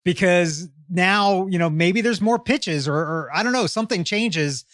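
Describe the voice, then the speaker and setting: A man's voice: high-pitched, measured pace, a bit bright, no echo, clean studio sound. A middle-aged man hosting a podcast, asking long, friendly framing questions and affirming often. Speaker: podcast host. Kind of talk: interviewing.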